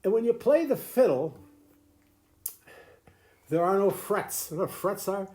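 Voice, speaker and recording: A man's voice: high-pitched, expressive, measured pace, loud music behind the voice. An older grandfather explaining the fiddle to a grandchild in a folksy, rambling way, full of restarts and chuckles. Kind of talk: casual home video lesson.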